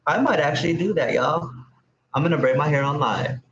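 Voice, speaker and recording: A man's voice: on the high side, animated, fairly quick, fairly bright tone, a little hiss or hum. A man hosting a casual home livestream, rambling to his viewers. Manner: rambling, chatty, talks to his pets and viewers. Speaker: livestream host. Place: home room. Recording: dull echoey room audio.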